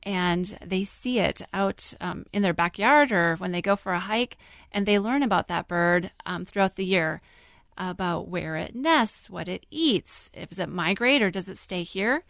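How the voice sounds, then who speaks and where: A woman's voice: fairly low pitch, a little slow, creaky, few pauses, a bit bright, no room sound, clean studio sound. Earnest woman kindergarten teacher. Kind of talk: casual radio interview.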